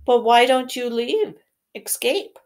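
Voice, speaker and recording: A woman's voice: on the high side, expressive, slow, a little mellow, pitched above the performer's own voice. A woman reading as a worried boy wizard. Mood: urgent.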